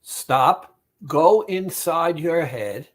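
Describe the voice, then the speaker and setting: A man, a therapist, speaking directly to the listener about weight loss in a deliberate, repetitive, emphatic monologue. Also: a little high, lively intonation.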